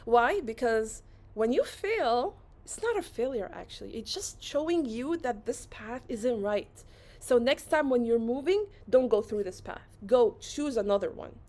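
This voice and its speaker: A woman whose first language is Arabic, giving a fast-paced, energetic motivational talk at an online conference and repeating phrases for emphasis. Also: on the high side. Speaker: conference speaker. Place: online session.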